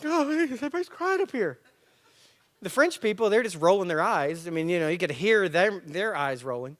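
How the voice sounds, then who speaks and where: A man tells a story to a church crowd, his voice riding high for a man. He acts it out as he goes, leaning in with loud bursts, then dropping to near-hushed asides. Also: very animated, normal speed. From Tennessee and Georgia, US. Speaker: guest speaker at a church men's breakfast. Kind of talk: storytelling talk to a live audience. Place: church event before a live audience.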